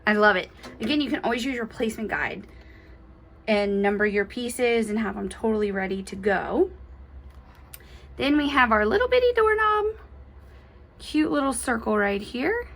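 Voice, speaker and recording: A woman's voice: fairly high pitch, expressive, moderate pace, long pauses, fairly bright tone. A woman giving a chatty, enthusiastic step-by-step embroidery tutorial, gushing over cute details. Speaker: embroidery instructor.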